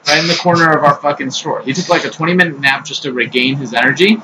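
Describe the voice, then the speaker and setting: A man's voice: fairly high pitch, fast, background noise. A man co-hosting a podcast, telling rambling stories and swearing freely. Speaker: podcast co-host. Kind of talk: casual chat.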